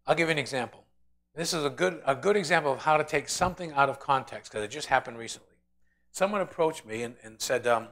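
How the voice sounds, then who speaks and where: A man's voice: a little high, lively intonation, fairly quick, fairly bright tone. A man teaching a Bible study in an informal sermon style, telling stories animatedly and acting out the voices of the people in them.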